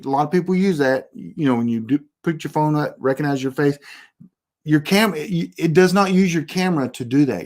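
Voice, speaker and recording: A man giving a casual instructional talk on online privacy, emphatic and rambling, often repeating his warnings. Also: fairly high pitch. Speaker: presenter giving a privacy tutorial.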